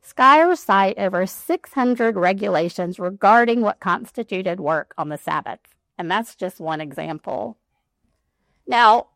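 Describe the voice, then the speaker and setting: A woman giving a conversational devotional Bible teaching, reading scripture aloud and adding lively asides. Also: mid-range voice, no echo.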